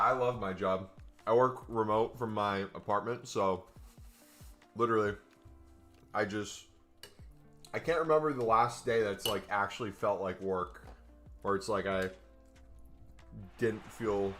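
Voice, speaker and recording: A man's voice: on the low side, steady tone, unhurried, pauses often, a bit bright, soft background music. A man chatting casually with his stream viewers, rambling with lots of fillers and sometimes talking with food in his mouth. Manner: rambling, filler-heavy, eats while talking. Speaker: gaming streamer.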